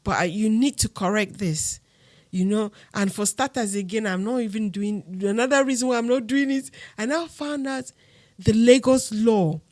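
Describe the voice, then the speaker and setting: A middle-aged Nigerian woman from Akwa Ibom speaks with a Nigerian accent as a podcast guest, casually recounting her story. Her fairly high voice moves at a normal speed, and she animatedly performs the dialogue of others. The studio-quality audio has no room sound.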